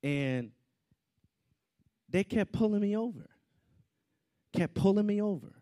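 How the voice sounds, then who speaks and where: A man preaching a storytelling sermon, swinging between loud outbursts and hushed asides. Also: high-pitched, animated, slow.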